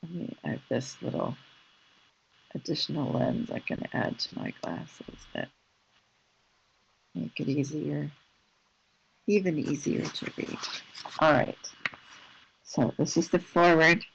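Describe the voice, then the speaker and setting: Slow, gravelly-voiced scripture class host. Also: medium pitch, slight background noise. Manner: slow, soft-spoken and unhurried, with gentle asides. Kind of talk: informal scripture reading and commentary. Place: at home in the evening. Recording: slightly dull lo-fi recording.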